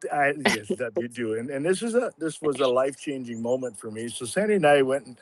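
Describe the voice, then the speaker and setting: A man in his sixties telling his personal story on a livestream, halting and rambling with many restarts. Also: medium pitch, animated, noisy background. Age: 60s. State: a little emotional at times. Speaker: guest sharing a testimony. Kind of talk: casual spoken testimony on a livestream.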